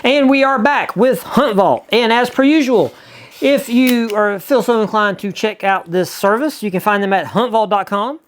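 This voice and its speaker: A man with a Southern US accent hosting a casual unboxing vlog, chatty and excitable, rambling with lots of asides. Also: high-pitched, normal speed. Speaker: YouTuber reviewing subscription boxes.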